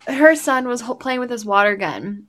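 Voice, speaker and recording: Laughing, animated woman telling stories. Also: a little high, moderate pace. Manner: animated storytelling, swearing, frequent laughter. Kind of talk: casual chat.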